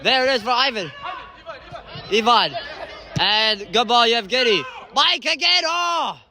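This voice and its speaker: A man giving live play-by-play commentary at an amateur indoor soccer match, excitable, with frequent shouted calls and exclamations. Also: extremely high pitch, measured pace, some chatter behind.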